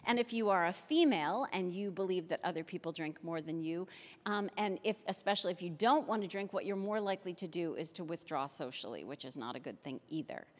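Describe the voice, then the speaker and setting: A woman giving a keynote talk on public health, speaking emphatically, slowing down to stress key phrases and dropping dry sarcastic asides. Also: medium pitch. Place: city hall auditorium. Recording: long reverb of an auditorium.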